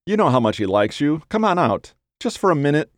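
A man's voice: fairly high pitch, very animated, fairly quick, no room sound, studio quality, voice pushed up. A man doing a doting young dog lover. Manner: gentle, coaxing.

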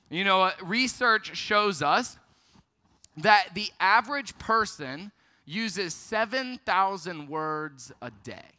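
Young male youth pastor, bright forceful voice, playful storyteller. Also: fairly high pitch, slow pace. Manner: storytelling, lively, self-deprecating. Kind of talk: youth ministry sermon. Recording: long hall reverb.

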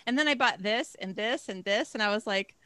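A woman, an author, telling stories in a casual chat, animated and laughing often. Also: a little high, fairly quick, no echo. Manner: animated storyteller, laughs often, acts out her own thoughts. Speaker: romance author guest. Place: home, lives in Sweden.

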